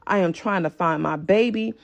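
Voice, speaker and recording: Gravelly-voiced woman telling an urgent story. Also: lowish voice, normal speed. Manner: urgent, emotional, addressing viewers directly. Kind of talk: emotional storytime vlog.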